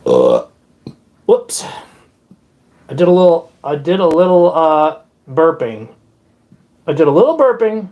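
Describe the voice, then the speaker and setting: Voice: mid-range voice, wildly swooping pitch, unhurried, long pauses, dark tone. A live streamer chatting casually with viewers in a playful, rambling way, now and then breaking into made-up silly songs. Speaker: livestream host and musician.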